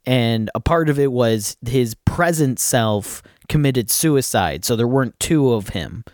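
An easygoing man co-hosts a podcast, agreeing with his partner and filling in the details. His voice is mid-pitched and recorded dry and close, with no room sound. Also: animated, unhurried, a little mellow, no echo. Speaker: podcast co-host. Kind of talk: casual chat.

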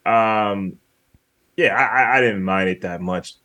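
Low-voiced man chatting with laughs. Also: takes it slowly. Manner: laughing, animated retelling with many restarts. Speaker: podcast co-host. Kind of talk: casual movie review chat.

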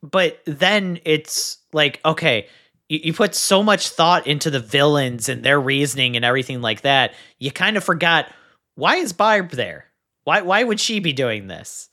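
Male podcast co-host, higher pitch and bright tone, animated film critic. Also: unhurried. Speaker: film reviewer. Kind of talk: casual podcast discussion.

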